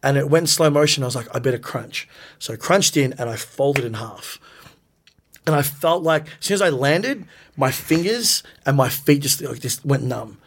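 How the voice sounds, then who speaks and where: A man's voice: medium pitch, animated, normal speed, a little hiss or hum. A man, a wrestler telling stories casually in an interview, acting out quoted lines in a raised voice. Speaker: professional wrestler guest. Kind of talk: casual storytelling in a podcast interview.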